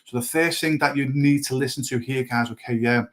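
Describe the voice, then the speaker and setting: A man gives a motivational coaching talk to young goalkeepers. His pitch sits in the middle and barely moves, staying level throughout, and he keeps returning to "guys, okay" as he talks. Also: steady tone, a little fast.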